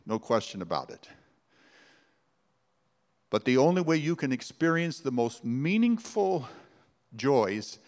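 A man preaching a sermon, earnest and conversational, with rhetorical questions. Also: medium pitch. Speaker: pastor. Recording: long hall reverb.

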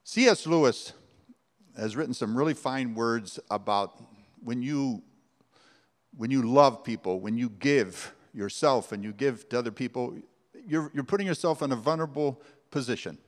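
A man's voice: mid-range voice, moderate pace. A man preaching a sermon, earnest and conversational, with rhetorical questions. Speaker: pastor. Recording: long hall reverb.

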